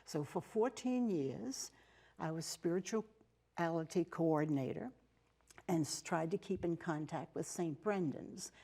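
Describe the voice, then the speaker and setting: An older American woman speaks in a lowish, mellow voice. She tells her stories unhurriedly in a TV interview, with fillers and restarts. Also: unhurried, husky. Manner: warm storytelling with fillers and restarts. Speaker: interview guest, nun and teacher. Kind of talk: casual interview talk. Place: TV studio.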